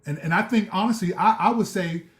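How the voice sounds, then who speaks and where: A man's voice: high voice, fairly quick, a bit bright, reverberant. A man hosting a live stream, reading scripture and ranting fervently in street slang, often repeating himself. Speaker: show host.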